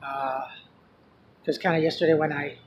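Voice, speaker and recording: A man's voice: fairly high pitch, little pitch movement, normal speed, muffled recording, a little hiss or hum. A man talking emotionally in a casual personal vlog, rambling and restarting his sentences. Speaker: vlogger.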